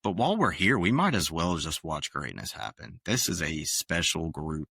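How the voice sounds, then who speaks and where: A man co-hosting a sports podcast, speaking in a measured way with filler ums. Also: a bass voice, sing-song, gravelly, fairly bright tone, breathy edge, no room sound, clean studio sound. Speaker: podcast co-host. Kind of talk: casual sports chat.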